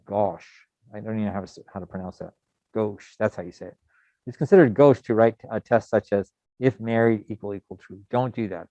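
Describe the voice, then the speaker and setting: A middle-aged man from the United States teaching a programming lesson in a relaxed, rambling way with many fillers. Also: fairly low pitch, no room sound. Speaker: programming instructor. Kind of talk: recorded coding lecture. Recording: dull lo-fi sound.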